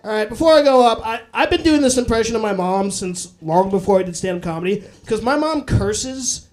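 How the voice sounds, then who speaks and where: A young man with a notably high voice performs live stand-up. He talks loosely and swears freely, slipping into quick impressions of other people as he goes. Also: expressive, a little mellow. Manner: loose, profane storytelling with bursts of acted voices. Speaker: stand-up comedian.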